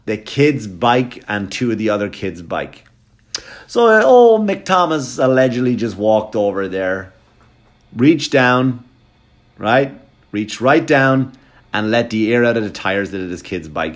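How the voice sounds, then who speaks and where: A male comedian telling a story for laughs, swearing freely and often checking in with a quick question to the listener. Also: mid-range voice. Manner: profane, animated, keeps checking in with the listener.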